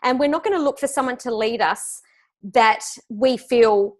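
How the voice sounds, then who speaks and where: A woman's voice: a little high, normal speed. A middle-aged woman, a business coach answering interview questions in an upbeat, emphatic way over a video call. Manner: upbeat, emphatic, laughs easily.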